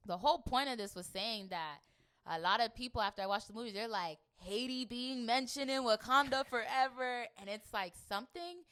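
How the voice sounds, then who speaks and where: A young woman from a Jamaican family, co-hosting a podcast in casual, laughing chat and mimicking people in high voices. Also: animated, a little fast, a bit bright, smooth. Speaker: podcast co-host.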